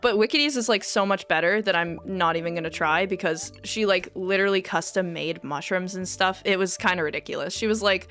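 A woman live-streaming a video game, chatting casually in a rambling, self-deprecating way, full of "like" and quick giggles. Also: medium pitch, fairly bright tone, soft background music.

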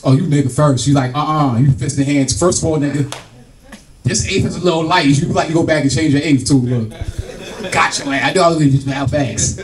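A man's voice: fairly high pitch, brisk, far from the mic. A man doing stand-up, working the crowd with rambling street slang. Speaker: stand-up comedian. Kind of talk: stand-up comedy. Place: comedy club. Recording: echoey club recorded from afar, crowd.

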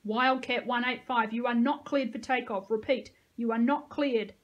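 A male control tower officer barking orders over the headset , as a woman reading a story puts him on. He is loud and sharp, and the voice pitches slightly higher. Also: fairly even intonation, normal speed, dull audio, natural voice. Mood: commanding.

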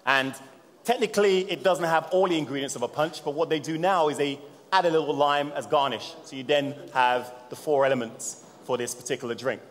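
A bartender mixes drinks in a live cocktail demo at a trade-show seminar, joking and chatting with the audience. His voice is slightly high and fairly bright, his pace brisk, and a long hall reverb surrounds him.

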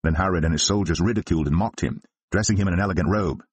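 Deep husky man reading scripture. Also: racing, no room sound. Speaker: Bible reader.

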